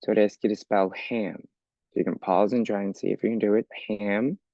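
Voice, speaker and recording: A man's voice: fairly low pitch, level tone, moderate pace, warm tone, no room sound, muffled recording. A man teaching an English lesson for learners, explaining patiently step by step and often checking with "okay?". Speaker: ESL teacher.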